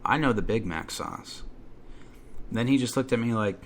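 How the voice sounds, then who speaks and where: A man telling a comic story about himself in a profane, animated rant, acting out his own outbursts. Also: on the low side, normal speed, a little hiss or hum. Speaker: podcast storyteller. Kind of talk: comedic first-person rant.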